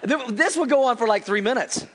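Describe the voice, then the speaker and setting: High-voiced pastor telling a lively sermon. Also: male voice, a little fast. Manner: animated storytelling, acting out voices. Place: church service before a congregation.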